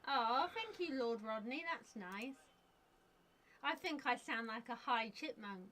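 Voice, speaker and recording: A woman's voice: on the high side, lively intonation, measured pace, bright, forceful tone, low-quality recording. A woman with a southern English accent co-hosting a casual stream, giggly and self-deprecating. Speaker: co-host.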